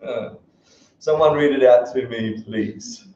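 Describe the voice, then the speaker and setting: A man's voice: medium pitch, takes it slowly, far from the mic, slight background noise. Joking male teacher in an echoey room. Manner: joking and animated, laughs often. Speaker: Buddhism teacher. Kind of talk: casual classroom teaching. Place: classroom. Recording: echoey dull room recording from afar.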